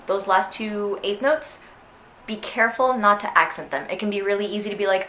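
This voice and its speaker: Faint music sits behind a young woman giving a chatty clarinet lesson on an orchestral excerpt, where she sings phrases to illustrate them. Her mid-range voice is steady, sharp and fairly quick, recorded in an echoey room with slight noise.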